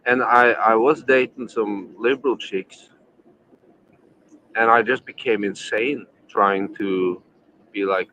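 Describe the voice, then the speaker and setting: A man's voice: on the low side, steady tone, a little slow, bright, forceful tone, muffled recording, a little hiss or hum. A man hosting a casual livestream panel, rambling and swearing a lot, still drunk from the night before. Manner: profane, rambling, tipsy. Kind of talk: casual drinking chat.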